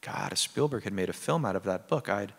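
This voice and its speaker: A blustering, exasperated old grandfather, as a man reads him aloud from a novel. The low voice is heard with a long theater-hall reverb. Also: brisk, gravelly. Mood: grumbling. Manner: deadpan read-aloud delivery.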